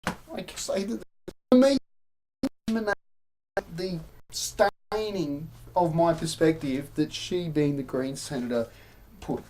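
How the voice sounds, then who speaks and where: Australian woman live-streaming, low-ish mellow voice, opinionated off-the-cuff rambling to chat. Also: a little hiss or hum. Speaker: livestream host. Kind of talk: casual live-stream commentary.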